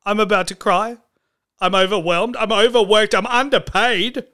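A man's voice: high-pitched, fairly even intonation, normal speed, sharp tone, smooth. A man hosting a comedy sports podcast, talking in a jokey, rambling, mock-dramatic way. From Australia. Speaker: podcast host.

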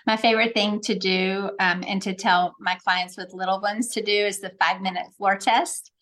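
A middle-aged woman, a parenting coach, talking in a podcast interview and telling stories with acted-out quotes. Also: normal speed. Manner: animated storyteller, acts out quotes with big pitch jumps.

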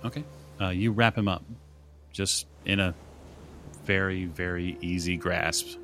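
A man running a tabletop horror game as game master, narrating events calmly and calling for dice rolls. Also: deep voice, unhurried, noisy background.

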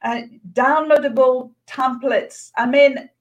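A woman's voice: sits high, fairly even intonation, takes it slowly, dull audio. A woman, an author and course creator, talking enthusiastically and emphatically with many "you know"s in an online interview.

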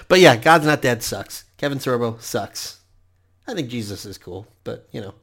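A man's voice: mid-range voice, animated, measured pace, fairly bright tone. A man co-hosting a podcast in casual chat, joking and laughing often as he talks. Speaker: podcast co-host.

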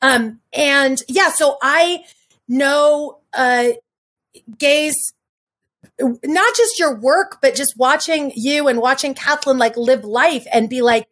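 A woman's voice: high voice, a bit bright. A middle-aged woman, a podcast guest, talking effusively and rambling, a little stuffy from having cried. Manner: effusive, rambling, quick bursts of speech. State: stuffy nose from crying. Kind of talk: casual interview chat.

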